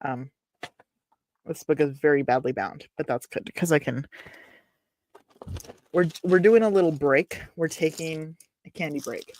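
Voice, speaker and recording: A woman's voice: sits low, measured pace, long pauses, a little mellow. A woman from Texas reading a novel aloud on her show, breaking off to ramble, apologize and make wry asides, close to a desk webcam at home. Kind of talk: casual read-along with commentary.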